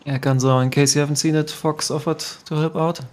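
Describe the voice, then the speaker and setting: A man doing relaxed, chatty live commentary on a game tournament, greeting viewers in chat. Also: fairly high pitch, brisk.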